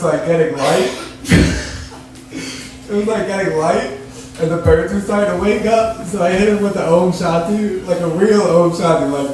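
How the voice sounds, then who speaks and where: A high-voiced man rambles through a stand-up story, giggling as he goes. He sounds like he was picked up from a distance, with a lot of room echo and noise behind him. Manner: giggly, laughs through his lines. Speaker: stand-up comedian. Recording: echoey room from a distant mic.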